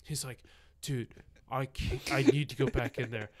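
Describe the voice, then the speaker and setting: A man's voice: medium pitch, steady tone, moderate pace. A young man chatting casually on a podcast, rambling through a story, full of "like" fillers and acting out what people said. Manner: rambling, many "like" fillers, acts out quoted lines. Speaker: podcast guest, bouncer.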